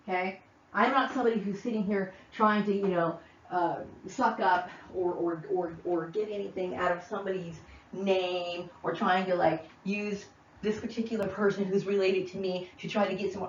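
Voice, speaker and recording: A woman's voice: medium pitch, fairly even intonation, normal speed. A woman hosting her own channel, ranting heatedly to camera and repeatedly asking "okay?". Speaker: channel host. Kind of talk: angry vlog rant to camera. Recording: echoey, distant, muffled room sound.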